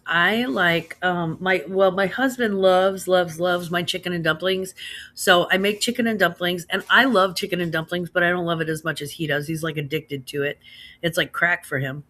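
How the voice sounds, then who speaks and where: A chatty woman in her thirties with a Midwestern American accent, hosting a relaxed livestream from home. Her voice is bright and forward. She talks in a loose, friendly way, slips into slang and laughs easily between comments. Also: lowish voice, moderate pace. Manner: chatty, laughs often, says girl and slaps. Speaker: livestream host reading chat. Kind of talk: casual chat.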